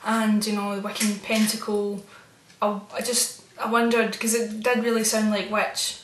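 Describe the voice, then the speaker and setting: A woman's voice: medium pitch, little pitch movement, moderate pace. A woman vlogging casually, telling a rambling, spooked story about her experiences. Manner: chatty, meandering, with soft spooked asides. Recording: roomy echo.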